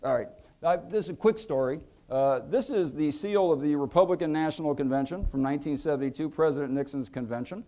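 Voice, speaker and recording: Man, fifties, storytelling author, slightly high voice, lively and animated delivery. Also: quick pace. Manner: animated, acts out quotes with lively shifts in pitch and loudness. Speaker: author giving a book talk. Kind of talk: anecdotal storytelling to an audience. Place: museum event hall.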